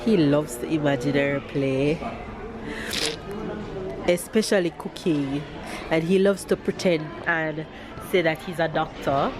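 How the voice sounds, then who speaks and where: A woman's voice: low-pitched, measured pace, pauses often, over music. A woman in her thirties with a Jamaican accent, vlogging in a store, emotional and tearful as she talks. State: teary, crying at times. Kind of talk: casual vlog talk to camera. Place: busy store, indoors.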